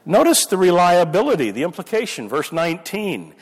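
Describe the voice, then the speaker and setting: A man's voice: a little high, animated, normal speed. Emphatic male preacher in a reverberant hall. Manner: emphatic, builds up stress on key words. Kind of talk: sermon teaching.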